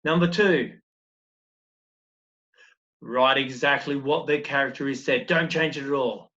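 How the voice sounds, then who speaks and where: A man's voice: mid-range voice, a little slow, a bit bright, lo-fi sound. A man teaching a recorded primary school lesson, explaining step by step and asking encouraging questions.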